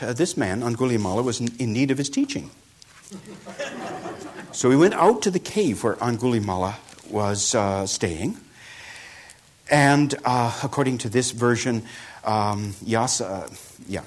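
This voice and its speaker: A man's voice: fairly low pitch, breathy edge. A man giving a storytelling talk, hesitant, with many fillers and self-corrections. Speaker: speaker.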